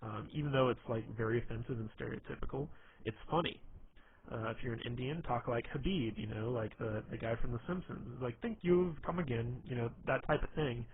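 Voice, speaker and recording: A man's voice: medium pitch, fairly quick. A man giving casual advice on being funny, rambling and packing his talk with fillers like "you know". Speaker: dating and humor advice presenter. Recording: tinny phone-like line, faint hiss.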